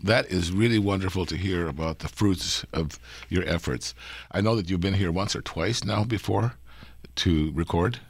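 An older man hosting an interview, his voice slightly hoarse and gravelly from a cold, speaking in a measured, welcoming way. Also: low voice, no echo. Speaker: host, church president.

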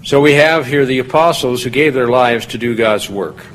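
A man's voice: mid-range voice, moderate pace, fairly bright tone, a little hiss or hum, low-quality recording. A man giving a conversational Bible study, explaining scripture in plain talk and lifting his voice when he reads quoted lines aloud. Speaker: Bible teacher.

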